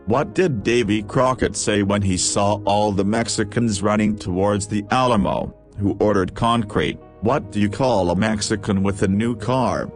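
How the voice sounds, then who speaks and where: A man reading a list of jokes aloud, with a steady question-and-punchline delivery. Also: fairly low pitch, moderate pace, hardly any pauses, faint music behind. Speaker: joke reader.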